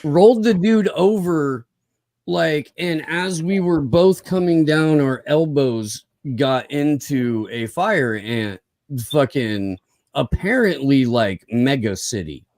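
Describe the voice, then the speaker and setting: A man's voice: on the high side, animated, takes it slowly, a little mellow, no room sound, clean studio sound. A man hosting a podcast in casual chat, crude and joking, swearing freely.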